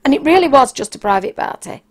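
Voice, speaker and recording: A woman's voice: sits high, animated, fast. A woman, hosting a podcast and telling frank anecdotes in a casual, blunt way, sometimes raising her voice for emphasis. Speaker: podcast host.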